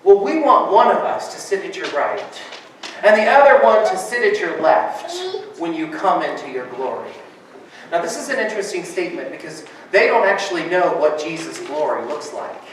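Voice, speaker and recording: A man's voice: sits high, a bit bright. A man preaching a sermon, telling funny family stories and laughing often. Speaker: pastor. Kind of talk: sermon with humorous storytelling. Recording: echoey hall from far off, noisy.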